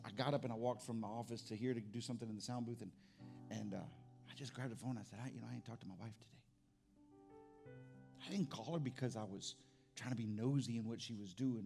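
A middle-aged man preaching in a loose, conversational way, stumbling and restarting as he goes. His voice sits at an ordinary pitch for a man, with faint music playing softly under his words. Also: gravelly. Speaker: pastor. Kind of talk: sermon.

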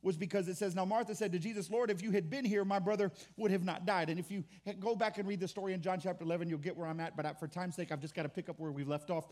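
A man's voice: high voice, fairly even intonation, fast, hardly any pauses, a little mellow. A man preaching as a pastor, conversational with restarts, mimicking complaining churchgoers. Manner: acts out churchgoers' complaints in mock voices. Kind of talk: sermon.

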